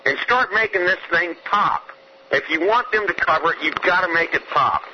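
A man's voice: high voice, animated, moderate pace, lo-fi sound, slight background noise. A man from Georgia, calling in to a radio show with a fiery, profane, emphatic rant. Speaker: caller. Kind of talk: angry phone-in rant.

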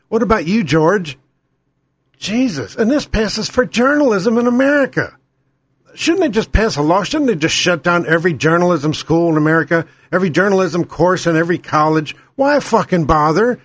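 A middle-aged man rants about politics with raw, profane sarcasm, his voice sitting fairly high for a man. The sound is dry and close, with no room around it. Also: animated, moderate pace, no echo. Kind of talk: ranting political monologue.

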